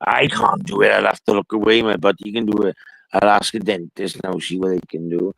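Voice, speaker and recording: A man's voice: lowish voice, little pitch movement, a little fast, gravelly, a bit bright, low-quality recording. A man telling a rambling, profane story in casual chat.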